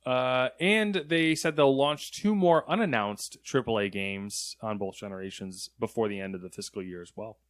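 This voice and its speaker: A man's voice: on the low side, moderate pace, few pauses, no echo, studio quality. Laid-back man cohosting game news. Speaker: co-host reading gaming news. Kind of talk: casual news banter.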